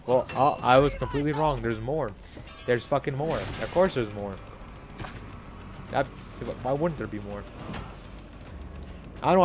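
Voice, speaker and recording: Guy streaming a game, swearing nonstop, frustrated, yells out loud sometimes, noisy audio with game sounds behind. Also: mid-range voice. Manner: profane, frustrated, bursts into loud shouts. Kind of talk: live gameplay commentary.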